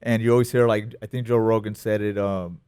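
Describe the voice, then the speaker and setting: A man in his thirties with a Texan accent, a jiu-jitsu gym owner talking casually in an interview, relaxed and plainspoken with many fillers. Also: fairly low pitch, a little fast, clear, resonant tone, no room sound, studio quality. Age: 30s.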